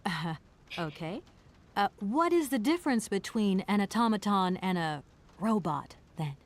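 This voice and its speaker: A woman's voice: mid-range voice, lively intonation, measured pace, lightly acted. Kate Walker, a woman voicing an inquisitive American traveler. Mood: curious. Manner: direct, inquisitive. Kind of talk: adventure game voice acting.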